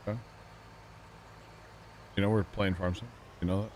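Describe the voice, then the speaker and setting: A man's voice: fairly low pitch, little pitch movement, moderate pace, a little mellow, a little hiss or hum. A man hosting a livestream, chatting casually and rambling to his viewers and co-host while playing a game. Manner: rambling, chatty, talks to chat, laughs often. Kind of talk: casual chat while gaming.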